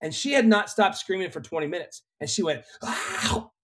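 A young adult man, a worship leader, telling an earnest, animated personal story in a relaxed conversation. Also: high-pitched, quick pace.

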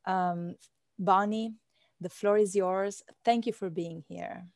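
A woman hosts an interview, gently encouraging her guest to share. Her voice has a gravelly fry, and she speaks slowly. The sound is dry and close. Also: mid-range voice, fairly even intonation, no echo. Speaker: host. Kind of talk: casual interview.

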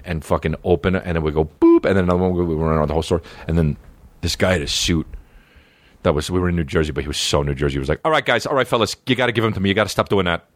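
Male podcast comic, lowish voice, rambling profane riffs, dry close sound. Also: no echo. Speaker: comedian podcast host. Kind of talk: casual comedic monologue.

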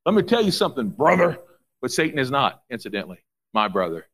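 A middle-aged pastor preaching a fervent sermon, repeating phrases and breaking into quick asides. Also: male voice, medium pitch, very animated, fairly bright tone, breathy edge. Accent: Midwestern US.

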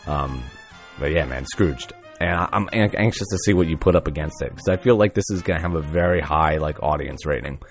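A man's voice: extremely low pitch, fairly quick, faint music behind. A man co-hosting a podcast, chatting casually in a laid-back, rambling way with lots of fillers. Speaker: podcast co-host. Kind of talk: casual chat.

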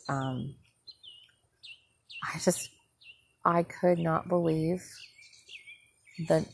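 A woman's voice: deep voice, creaky, a little hiss or hum. A middle-aged woman and former nurse, from the northern US, telling a story in a rambling, indignant monologue that keeps correcting itself. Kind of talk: casual monologue.

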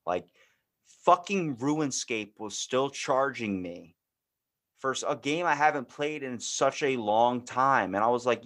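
A man's voice: medium pitch, lively intonation, unhurried, a bit bright. A man chatting casually on a podcast, rambling with lots of fillers.

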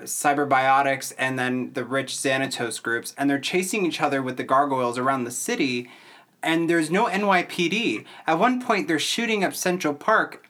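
A woman co-hosting a podcast in casual chat, chatty and quick to laugh. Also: extremely low pitch, a bit bright. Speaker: podcast co-host.

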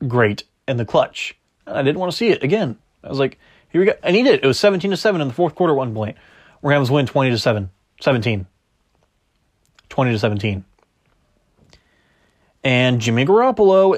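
Male podcast host, mid-pitch, opinionated sports talk that argues with itself.

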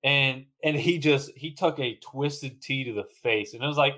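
A man's voice: mid-range voice, normal speed, bright, forceful tone. A man co-hosting a podcast in casual chat, laughing often, swearing freely and restarting his sentences. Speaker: podcast co-host.

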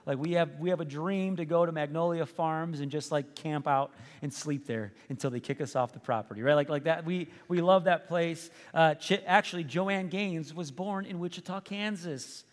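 A male pastor preaching in a casual, joking way, stumbling and restarting as he goes. His voice sits a little high for a man. The sound carries a long reverb from a large church hall. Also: moderate pace, hardly any pauses. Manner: conversational, joking, restarts often. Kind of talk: sermon.

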